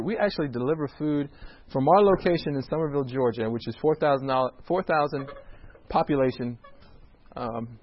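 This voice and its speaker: A man who runs a restaurant tells faith stories, quotes scripture and acts out the dialogue in an animated way. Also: medium pitch. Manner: animated storyteller acting out dialogue. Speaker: restaurant owner sharing a faith testimony. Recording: dull lo-fi recording.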